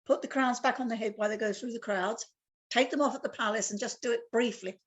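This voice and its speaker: A woman's voice: a little high, quick pace. A woman in her seventies, a guest on a video call, telling stories in a blunt, playful way. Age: 70s. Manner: blunt, lively, playful storyteller. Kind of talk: casual storytelling on a video call.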